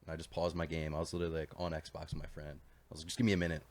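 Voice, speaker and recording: A man's voice: rumbling low, little pitch movement, darkish tone, no room sound. A young man telling stories as a podcast guest, blunt and self-mocking, swearing freely. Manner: rapid, blunt, self-deprecating, swears a lot. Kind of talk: casual storytelling.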